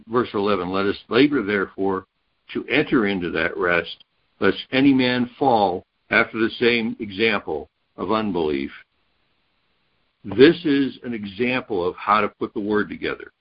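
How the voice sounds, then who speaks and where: A man's voice: fairly low pitch, animated, measured pace, husky, muffled recording. A man teaching a Bible study, reading verses aloud and explaining them point by point. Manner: reads scripture aloud, then explains it step by step.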